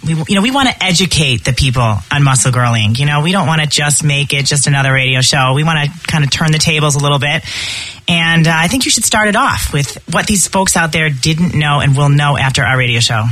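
Excitable chatty woman radio host. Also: low voice. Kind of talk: casual radio chat.

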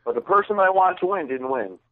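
A man's voice: high voice, animated, fast, narrow, tinny audio, crowd noise. Joking, rambling male podcast co-host. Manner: joking, rambling, swears freely. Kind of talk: casual podcast banter.

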